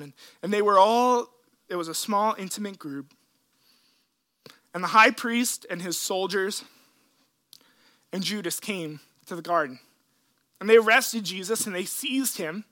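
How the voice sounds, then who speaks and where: A man preaching a sermon, retelling scripture in an earnest, emotional way with dramatic pauses. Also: sits high, bright, forceful tone. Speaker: pastor.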